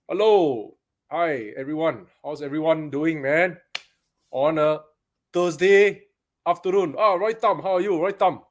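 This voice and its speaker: A man's voice: a little high, a little slow. Live-stream host: Singaporean man, upper-ish voice, chatty, laughs easily, greets viewers by name. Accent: Singaporean English. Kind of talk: casual live-stream chat. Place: paintball shop.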